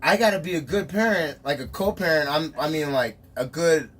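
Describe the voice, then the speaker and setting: A man's voice: a little high, moderate pace, slight background noise. A man telling a story in casual chat, acting out quotes and laughing often. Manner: animated storyteller, acts out quotes, laughs a lot.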